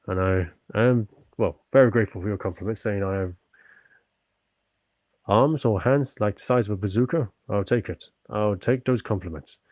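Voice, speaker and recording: A man's voice: on the low side, normal speed, a little mellow, dry recording. A man from the UK chatting on his livestream, answering viewers politely and earnestly after a stretching session. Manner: polite and earnest, often thankful; talks while stretching and working out.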